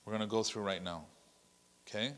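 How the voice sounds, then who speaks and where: A man's voice: lowish voice, steady tone, brisk, fairly bright tone, in a large hall. A man, an imam, leading a workshop lecture, telling stories animatedly and acting out what people said, with Arabic phrases mixed into his English. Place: large hall at an Islamic center.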